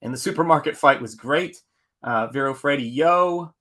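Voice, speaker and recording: Bright-voiced man chatting on a live stream. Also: mid-range voice, normal speed. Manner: rambling, reads chat aloud with fillers. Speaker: comic artist hosting a live stream. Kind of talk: casual live-stream chat.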